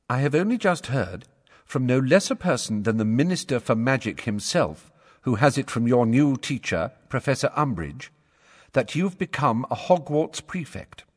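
A man's voice: mid-range voice, long reverb tail. A man reading out a stern letter in the voice of a pompous, self-important young man.

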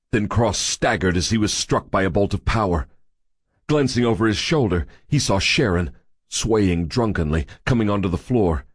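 An audiobook narrator with a fairly low-pitched voice reads a novel aloud in a measured, steady storytelling manner. The scripted narration is recorded dry, with studio quality.

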